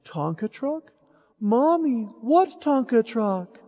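A man putting on a small seven-year-old boy with a high, childlike voice, whining and bargaining to get his way. He is heard in a hall with a long, ringing reverb. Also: a little slow, a little mellow. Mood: pleading. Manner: pleading, wheedling, childish.

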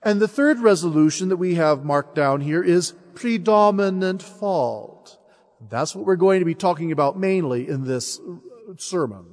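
A man with a high voice, preaching a sermon and telling a story in an animated way. His voice rings with a long reverb, as if from a large church. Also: a little slow. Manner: animated, acts out story characters. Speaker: preacher at a parish mission.

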